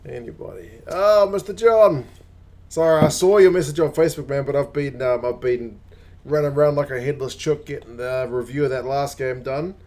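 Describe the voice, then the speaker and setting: A man's voice: medium pitch, a little fast, mellow. Aussie guy chatting on a rugby watch-along stream, rambly, says hi to viewers by name. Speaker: rugby channel host. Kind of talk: casual live watch-along chat reading comments.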